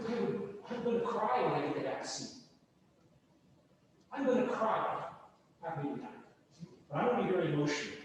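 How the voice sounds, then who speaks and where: A man teaching a class over a video call, speaking in an animated way and sometimes mocking others in a high put-on voice. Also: a little hiss or hum. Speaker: professor. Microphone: computer mic on a video call. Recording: echoey, roomy, distant mic.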